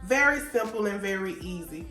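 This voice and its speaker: A woman's voice: medium pitch, lively intonation, a little fast, sharp tone, faint music behind. A woman hosting a casual cooking tutorial in her home kitchen, stuffed up from a cold and chatting in a down-home, informal way. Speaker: cooking show host.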